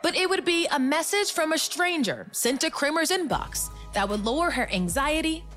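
A woman's voice: high-pitched, expressive, a bit bright, faint music behind. A woman narrating a documentary in a polished, scripted style. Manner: polished, measured.

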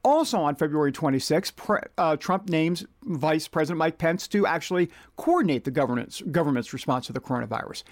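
A man's voice: fairly high pitch, animated, a little fast, hardly any pauses, dry recording. A man hosting a political commentary monologue, reading out quotes in an indignant, rhetorical manner.

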